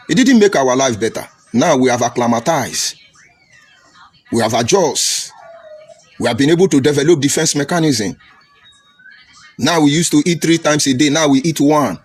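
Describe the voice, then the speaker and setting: A middle-aged man with a Nigerian English accent giving an emphatic, lecturing political commentary broadcast. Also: normal speed. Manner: emphatic, swoops high and low, lecturing. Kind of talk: preachy opinion broadcast. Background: faint music.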